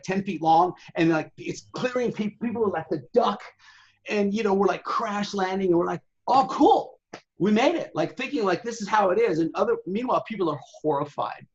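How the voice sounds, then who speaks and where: A man telling profane, animated stories in a casual interview and acting out the people in them. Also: fairly high pitch, husky, highs cut off. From Southern California. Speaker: interview guest, sailing website owner. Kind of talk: casual storytelling.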